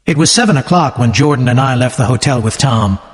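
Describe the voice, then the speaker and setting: Expressive male storyteller with long echo. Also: mid-range voice, fairly quick. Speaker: narrator. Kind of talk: scripted story narration.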